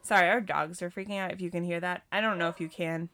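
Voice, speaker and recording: A woman's voice: fairly low pitch, fairly even intonation, fast, noisy background. Chatty woman podcast co-host. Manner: chatty, rambling, frequent fillers and laughs. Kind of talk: casual chat.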